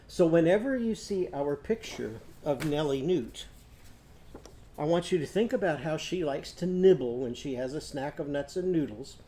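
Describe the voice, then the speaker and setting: A man's voice: a little high, lively intonation, normal speed, mellow, a little hiss or hum. A man teaching a children's literacy lesson, patient and sing-song, often singing lines for kids to repeat.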